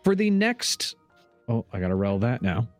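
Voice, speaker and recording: A man's voice: medium pitch, very animated, moderate pace, faint music behind. A man running a tabletop game as dungeon master, narrating and teasing his players in a playful way.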